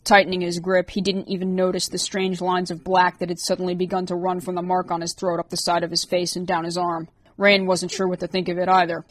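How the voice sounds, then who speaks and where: Low-voiced woman reading a novel. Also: completely flat delivery, a little fast, few pauses. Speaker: audiobook narrator.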